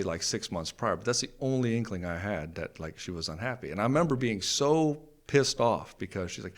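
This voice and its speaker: A middle-aged man, a podcast guest, candidly telling a personal story in a blunt, profane way that gets animated when he relives his anger. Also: on the low side, a little fast, few pauses.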